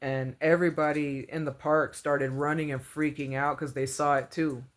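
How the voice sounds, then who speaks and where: A woman's voice: deep voice, little pitch movement, normal speed. Woman vlogger recounting a dream, casual and rambling, heavy on fillers, earnest and religious. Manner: rambling, full of "like" and "you know", repeats phrases. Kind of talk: casual storytelling.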